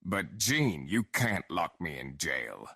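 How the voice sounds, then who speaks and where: A man voicing a tiny, shrunk-down man who sits on someone's head and protests slowly and cheekily. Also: low voice, big pitch swings, vocal fry, bright, forceful tone, slightly rough, no echo, pitched below the performer's own voice, full character voice. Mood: protesting.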